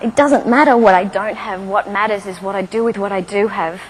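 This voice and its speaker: A middle-aged woman speaks from a stage, her voice at an everyday pitch. She tells her story to a live audience, breaking it up with wry laughs and direct questions. A faint hiss sits in the background. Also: fairly quick, poor audio. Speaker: motivational speaker. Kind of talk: inspirational stage talk.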